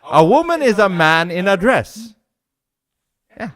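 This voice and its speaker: A man on a podcast panel, talking in halting, agreeing remarks with restarts. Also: high-pitched, big pitch swings, crowd noise. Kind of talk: casual chat.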